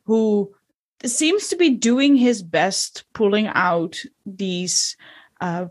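A woman narrating a tabletop role-play game as game master, descriptive with filler pauses. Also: mid-range voice.

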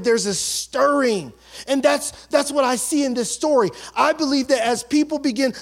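High-voiced pastor preaching, animated storyteller. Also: male voice. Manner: animated storytelling, acting out townspeople's chatter; drops to a hush for emphasis. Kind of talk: sermon.

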